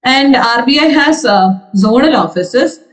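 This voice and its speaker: A woman's voice: sits high, expressive, measured pace, low-quality recording. A woman with an Indian English accent, teaching as an exam trainer in a methodical lecture that restates key points with frequent hesitations. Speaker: civil service exam trainer. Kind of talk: explanatory exam-prep lecture.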